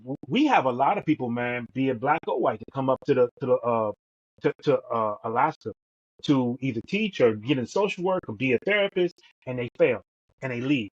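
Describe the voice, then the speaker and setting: A man's voice: medium pitch, lively intonation, brisk, husky. A middle-aged man co-hosting a podcast, telling stories emphatically and repeating words as he goes. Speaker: podcast co-host. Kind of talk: storytelling in conversation. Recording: dull lo-fi sound.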